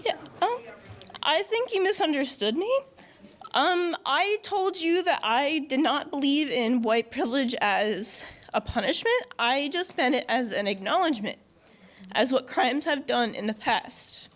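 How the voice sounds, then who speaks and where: High-voiced woman explaining herself earnestly at a debate. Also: lively intonation, a little slow. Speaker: audience member. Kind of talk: debate exchange.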